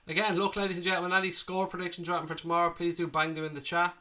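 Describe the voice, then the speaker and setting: A man's voice: high voice, flat delivery, very fast, sharp tone. A man with an Irish accent and a cold, hosting a casual live stream and answering viewers in the chat, calling them mate and swearing freely. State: has a cold. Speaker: livestream host reading chat.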